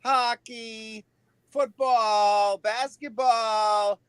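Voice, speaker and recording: A man on a video call from his basement, cracking dry, deadpan jokes. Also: sits high, drawn-out words, clear, resonant tone, no room sound, low-quality recording. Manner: deadpan, wisecracking. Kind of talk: casual chat. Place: basement at home.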